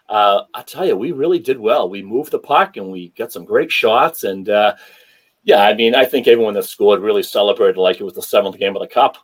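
A man's voice: medium pitch, slightly rough. A man from New England with a Boston accent, a former hockey player telling stories as a podcast guest. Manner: relaxed storyteller with many um fillers. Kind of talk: podcast interview.

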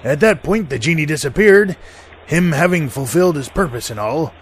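A man's voice: on the high side, lively intonation, moderate pace, slight background noise. A man hosting a podcast in a comic pirate character, with a mock pirate accent, laughing at his own jokes.

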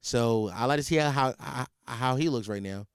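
A man hosting a podcast, telling a comic story in a profane, rambling, animated way. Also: medium pitch, moderate pace, clean tone, no echo, clean studio sound. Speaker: podcast host. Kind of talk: comedic storytelling.

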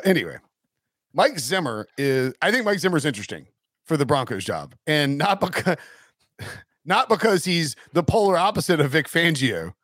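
A man's voice: on the high side, a bit bright, dry recording. A man hosting a casual sports podcast, talking in a rambling way with lots of fillers. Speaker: podcast host.

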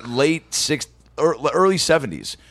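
A man's voice: on the high side, unhurried, no room sound. A man hosting a comedy podcast, telling stories animatedly with plenty of swearing. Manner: animated, profane, storytelling. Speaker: podcast host. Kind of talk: casual comedy podcast banter.

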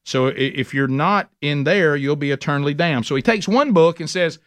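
A man's voice: fairly high pitch, moderate pace, few pauses, a bit bright, a little hiss or hum. A middle-aged man teaching a men's Bible study in an earnest, emphatic, folksy way. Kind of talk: conversational sermon teaching.

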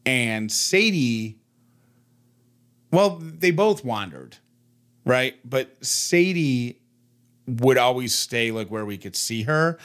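A man co-hosting a podcast in casual chat, animated and playfully mimicking others as he tells stories. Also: mid-range voice, slow, pauses often. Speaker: podcast co-host.

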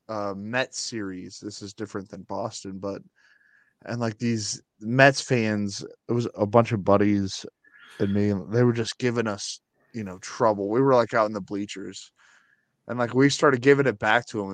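A man's voice: on the low side, dry recording. A man co-hosting a podcast, chatting casually in a laid-back way with stumbling restarts. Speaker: podcast co-host. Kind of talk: casual sports chat.

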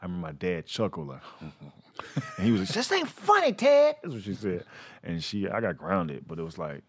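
A man with a slightly low voice spins loose, slangy stories in a relaxed comedy chat. He jumps into the voices of the people he quotes as he goes. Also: a little fast, a little hiss or hum. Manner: animated storyteller, slangy, acts out quotes.

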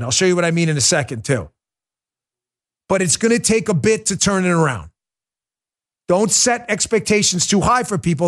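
Male talk show host, high and combative, emphatic delivery. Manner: emphatic, combative, mocks opponents in put-on voices. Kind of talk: fiery political commentary.

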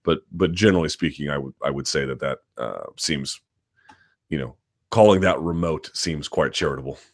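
A man hosting a live chat about a combat sport, reading viewer questions aloud and answering at length with many ums and restarts. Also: rumbling low. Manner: talks quickly and hedges, lots of ums and restarts. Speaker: host.

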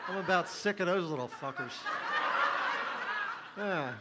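A middle-aged man doing a stand-up comedy set, delivering crude one-liners in a deadpan, offhand way. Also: sits high, a little slow, heavy background noise.

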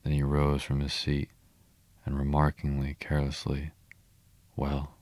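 A male storyteller reads a children's classic in a steady, measured way. His voice is extremely low and almost flat in pitch. The recording is dry and close. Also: dry recording. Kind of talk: reading a children's classic aloud.

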